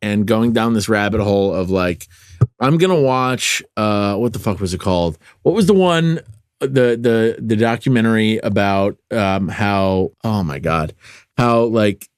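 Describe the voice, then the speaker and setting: A man's voice: on the low side, expressive, clean tone, no room sound. Laughing young male podcast host, dry sound. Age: young adult. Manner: laughing, profane, quick agreeing interjections. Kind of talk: casual podcast chat.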